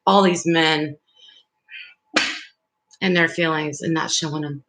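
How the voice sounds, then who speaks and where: A woman's voice: low voice, fairly even intonation, takes it slowly, a bit bright, rough recording. A woman giving live tarot readings, speaking directly and reassuringly to her viewers in a loose, rambling way. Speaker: tarot reader.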